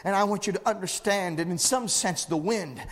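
A man preaching a sermon with rising passion, breaking into shouted lines punctuated by "uh" breaths. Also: high-pitched, fairly quick.

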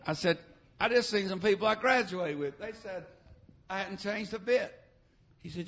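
A middle-aged man preaching a revival sermon in church, dropping "uh, amen" between his phrases in a shouting preaching cadence. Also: high voice, moderate pace, lo-fi sound.

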